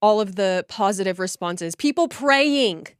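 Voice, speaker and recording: A woman's voice: mid-range voice, lively intonation, a little slow, clear, resonant tone, no room sound, clean studio sound. A woman giving indignant, emphatic political reaction commentary.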